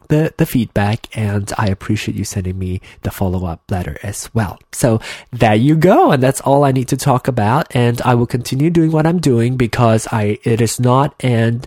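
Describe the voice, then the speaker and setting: A man's voice: mid-range voice, darkish tone, no room sound. A man in his sixties, a podcast host, talking to his listeners in a casual, conversational monologue. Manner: easygoing, conversational, with fillers and restarts.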